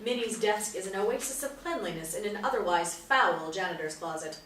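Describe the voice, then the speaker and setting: A woman's voice: mid-range voice, normal speed, slight background noise. Woman reading stage directions, echoey. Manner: steady, matter-of-fact. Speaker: narrator. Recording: roomy, distant mic.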